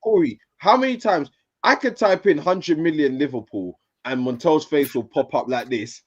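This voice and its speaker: A man's voice: moderate pace, husky, muffled recording. A man co-hosting a football chat show, teasing and swaggering as he argues. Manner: swaggering, teasing, swings up and down in pitch. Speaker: football podcast co-host. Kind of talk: heated casual banter.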